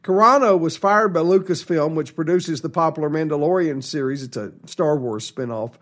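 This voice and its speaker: A man's voice: on the high side, moderate pace, fairly bright tone. A man hosting a political talk show, emphatic and indignant, with frequent restarts. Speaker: radio show host.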